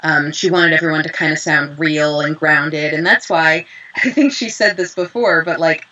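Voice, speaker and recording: Bright-voiced animated woman. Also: deep voice, normal speed, muffled recording. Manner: animated storyteller, acts out quotes. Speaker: voice actress guest. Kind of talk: casual interview chat.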